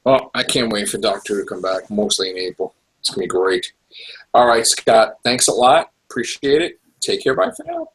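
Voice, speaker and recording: A man hosting a podcast, chatting in a rambling, excitable way with lots of fillers. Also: lowish voice, normal speed, slightly rough, poor audio. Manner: rambling, excitable fan talk with many fillers. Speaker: podcast host. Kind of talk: casual podcast chat.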